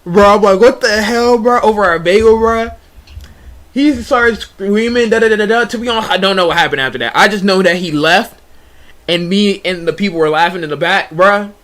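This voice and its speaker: High-voiced young man telling a casual story. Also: brisk. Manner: animated, slangy, frequent restarts and "bruh". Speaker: streamer.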